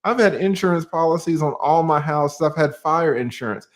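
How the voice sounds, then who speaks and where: A man's voice: a little high, moderate pace. A man with a Southern accent from Georgia, an attorney guest in a casual livestream chat, laid-back and asking rhetorical questions.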